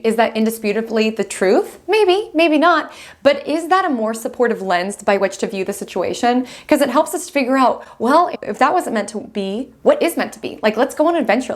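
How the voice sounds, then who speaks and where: Animated chatty young woman. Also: on the high side. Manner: animated, chatty, laughs often. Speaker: astrology host. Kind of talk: casual astrology vlog talk. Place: room at home with window open.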